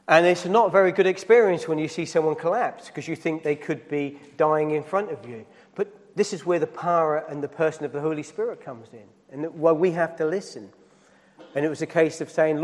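Guy preaching a sermon, high voice, church hall with long echo, asks the crowd stuff. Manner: preaching with rising emphasis and direct questions to the congregation. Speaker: pastor.

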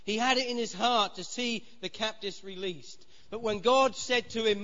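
A man's voice: high-pitched, fairly even intonation, moderate pace, few pauses, bright, forceful tone, long reverb tail, dull audio. A man preaching a sermon as pastor, his emphasis rising and falling. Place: church.

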